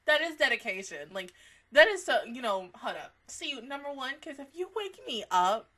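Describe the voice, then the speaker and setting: A young woman chatting casually about an episode she just watched, excitable and laughing often, with a casual habit of swearing. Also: high voice, normal speed. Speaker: anime reaction vlogger. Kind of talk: casual reaction chat.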